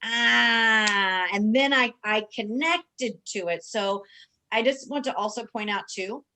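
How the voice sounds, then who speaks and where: A woman's voice: mid-range voice, unhurried, bright, forceful tone. A woman presenting on a team video call, bubbly and joking as she gives the homework. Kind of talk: casual chat on a video call.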